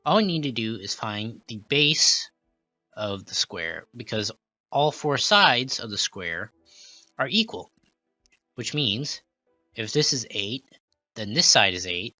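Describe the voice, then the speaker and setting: Male mock reporter, slow and patient explainer, crisp bright tone, dry close sound. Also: mid-range voice, expressive, dry recording, highs cut off, faint music behind. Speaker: field reporter. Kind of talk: mock news segment, explaining math.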